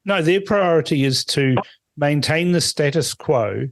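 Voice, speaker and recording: A man's voice: a little high, measured pace, dry recording. A man hosting a political podcast, blunt and firm, repeating points for emphasis. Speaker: podcast host. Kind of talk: political talk show.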